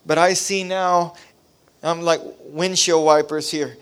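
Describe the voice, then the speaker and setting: A man's voice: on the high side, steady tone, takes it slowly, smooth. A man preaching a revival sermon, telling his own testimony with impassioned, repetitive preacherly cadence. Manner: impassioned, rising to near shouting. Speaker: pastor.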